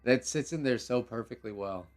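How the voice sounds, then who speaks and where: This is a young man streaming a game live, talking loosely with slang and breaking into laughter as he reacts. His mid-range voice has a darkish tone and a moderate pace. Faint music can be heard behind him.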